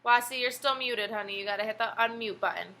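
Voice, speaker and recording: A woman's voice: a little high, fast talker, bright, forceful tone. Patient woman teacher on a video call. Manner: patient, encouraging, asks questions. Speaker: elementary school teacher. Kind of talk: online class read-aloud.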